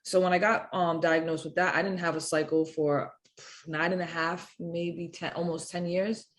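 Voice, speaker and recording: Woman, 30s, boxer guest; low-pitched and lively, playful storyteller. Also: normal speed. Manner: animated storyteller, acts out quotes, laughs often. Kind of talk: casual interview chat.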